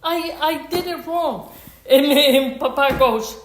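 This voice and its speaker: A mother chatting with her family at home, speaking haltingly with small grammar slips. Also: high voice. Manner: hesitant, halting speech with slight grammar slips. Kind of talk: casual family chat. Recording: echoey room with faint noise.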